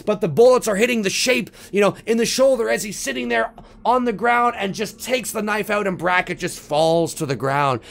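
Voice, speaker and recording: A man hosting a video, excitedly and profanely retelling a film idea scene by scene and acting out the moments. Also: sits high, normal speed, creaky. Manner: excitable, profane, acts out scenes and sound effects. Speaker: video host pitching a film sequel idea. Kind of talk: animated casual retelling.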